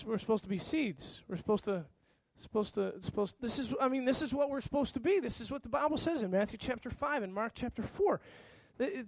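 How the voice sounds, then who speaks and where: A male pastor preaches with a notably high voice, animated and conversational. He slips into different voices to act out everyday exchanges. The sound is close and dry, with no room around it. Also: no room sound. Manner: animated, acts out dialogue with varied voices. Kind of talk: sermon.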